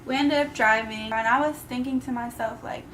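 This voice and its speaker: High-voiced young woman telling a story. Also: steady tone, moderate pace, a bit bright, slight background noise. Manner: slangy, talks straight to viewers. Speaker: vlogger. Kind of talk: casual storytime.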